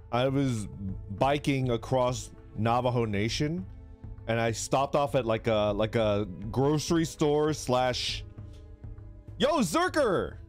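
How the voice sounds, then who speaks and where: A man's voice: mid-range voice, a little mellow. A man streaming a casual morning chat, telling a story and laughing often as he greets viewers. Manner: laughs a lot while telling stories, reads chat names aloud.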